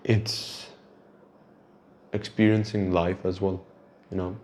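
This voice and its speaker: Low-voiced man musing casually. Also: flat delivery, slow, a little mellow, a little hiss or hum. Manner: reflective, rambling, swears casually. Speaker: podcast host. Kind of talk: casual monologue.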